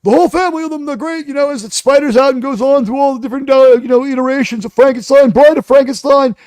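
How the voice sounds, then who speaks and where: A man mimicking a frantic, pleading male show host who breathlessly repeats "sir" over and over in an excited, whiny, insistent way. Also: extremely high pitch, fast talker, dry recording, voice pushed up. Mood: gushing.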